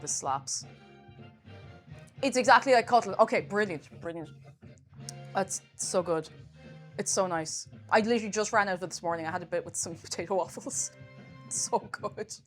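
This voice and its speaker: A woman's voice: medium pitch, lively intonation, a little fast, soft background music. A young woman with an Irish accent, chatting casually on a live stream, rambling and laughing often.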